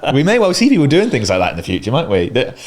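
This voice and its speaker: A man's voice: mid-range voice, huge pitch swings, rapid-fire. A man hosting a podcast, laughing along and giving his guest short agreeing replies. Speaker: podcast host. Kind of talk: casual interview chat.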